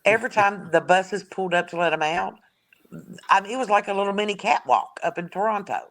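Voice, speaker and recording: A woman, a guest in a casual sports chat, telling lively stories and laughing often. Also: mid-range voice, a little fast. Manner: chatty storyteller who laughs often.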